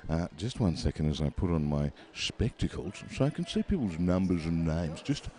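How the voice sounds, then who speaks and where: Live roller derby commentary comes from an Australian man with a low, dark voice, lively intonation and a normal pace. He rambles chattily into his headset mic, using lots of fillers and self-deprecating humor.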